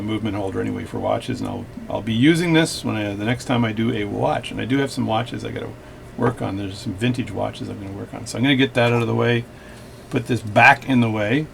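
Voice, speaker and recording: A man's voice: fairly low pitch, brisk, gravelly, slight background noise. A man hosting a watch repair video, chatting casually with rambling, joking asides at his workbench.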